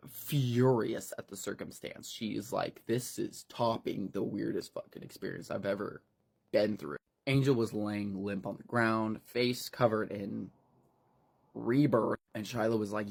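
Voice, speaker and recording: A man's voice: lowish voice, gravelly, slightly rough. Rambling man recapping a book. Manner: profane, rambling with fillers. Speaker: book reviewer.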